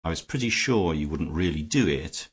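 A man reading an audiobook, voicing a mild, measured gentleman detective who reasons quietly. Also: extremely low pitch, expressive, husky, exaggerated voice. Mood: calm, mild. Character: calm, shrewd gentleman detective.

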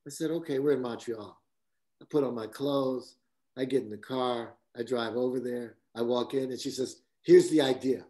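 A man speaking as a guest cinematographer, telling stories casually with a lively delivery, laughing often and acting out quotes. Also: mid-range voice. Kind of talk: casual anecdotal storytelling.

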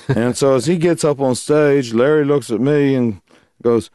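A middle-aged man, a blues guitarist, telling a story in an interview, animated, laughing and acting out other people's voices. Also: medium pitch, a little slow, no echo, clean studio sound.

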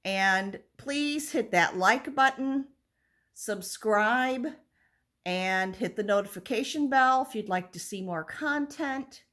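A woman hosting a doll channel, reading a children's story aloud to camera in a gentle, lilting way. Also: a little high, expressive, slow.

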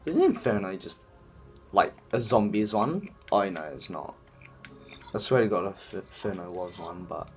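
A man's voice: low voice, expressive, measured pace. A man giving gameplay commentary while he plays, swearing constantly and ranting in frustration. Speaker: gamer. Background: game music and sound effects.

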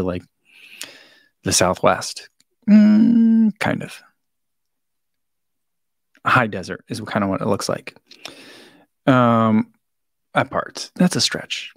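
A man's voice: on the low side, no echo, clean studio sound. A man hosting a casual live stream about running shoes, laid-back and rambling as he answers viewer questions with frequent chuckles, in a room with shoes on the wall.

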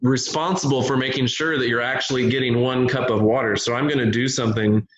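A man's voice: mid-range voice, fairly quick, highs cut off. Chatty man in a roomy room. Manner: animated storyteller, laughs often. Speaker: home inspector guest. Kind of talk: casual podcast chat. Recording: roomy echo.

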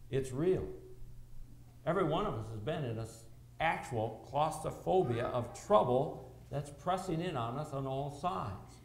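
A middle-aged man preaching a sermon as pastor, with animated delivery, rhetorical questions and dramatic pauses. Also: a little high, vocal fry. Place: church sanctuary. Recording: roomy church echo.

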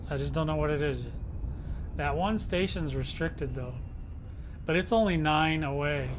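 Man, gaming channel host, slightly high voice, rambly and slangy, faint noise behind. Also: moderate pace. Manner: rambling, slangy, self-mocking. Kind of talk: casual gameplay commentary.

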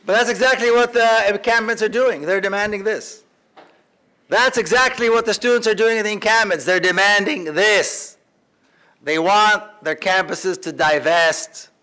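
High, bright-voiced man giving a fiery speech. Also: clean tone. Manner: emphatic, repeats phrases for rhetorical force. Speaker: activist speaker. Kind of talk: impassioned public speech. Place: large university lecture hall.

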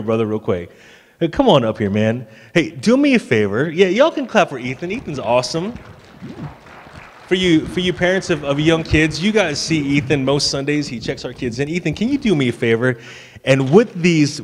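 A man in his thirties, a pastor giving a sermon in a casual, joking way with stammered restarts. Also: medium pitch. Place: church sanctuary. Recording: long church hall reverb.

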